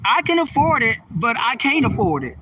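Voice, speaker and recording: A man's voice: extremely high pitch, sing-song, moderate pace. A man vlogging while he walks outdoors, talking casually to his viewers in a sassy manner. He calls them honey and baby and draws out emphatic phrases. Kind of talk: casual walking vlog talk to viewers. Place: outdoors on a street. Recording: distant mic, faint street noise.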